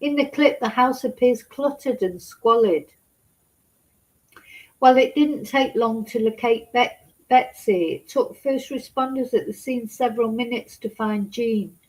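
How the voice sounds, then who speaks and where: A woman's voice: on the high side, measured pace, rough recording. A woman vlogging, reading a news story aloud with hesitant personal asides and getting upset. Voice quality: soft-spoken, chatty, hesitant with many fillers.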